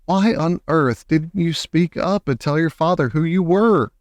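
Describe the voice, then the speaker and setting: A man's voice: on the high side, measured pace, no echo, clean studio sound, voice pushed up, lightly acted. A man reading aloud and voicing an elderly grandmother who speaks patiently and precisely. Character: elderly grandmother, calm, firm, proper.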